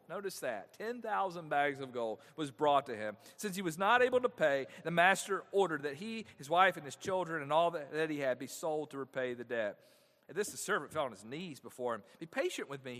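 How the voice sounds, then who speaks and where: A man in a slightly higher register preaches a Sunday sermon in a church sanctuary. His voice swings from loud, stressed phrases down to quiet endings. A long reverb trails each phrase. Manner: animated preaching with wide swings in loudness. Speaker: pastor.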